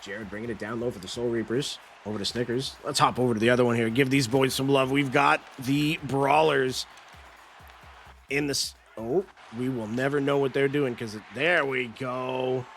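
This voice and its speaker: A man doing esports play-by-play commentary, with rapid calls that jump up in pitch when goals go in. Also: steady tone, fairly bright tone, faint music behind.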